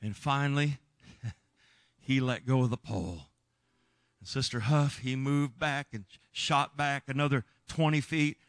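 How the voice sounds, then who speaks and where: A man's voice: mid-range voice, measured pace, no room sound. A man preaching, telling a rescue story in an earnest, emphatic way. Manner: earnest, emphatic, shouts when reliving moments. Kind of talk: sermon storytelling.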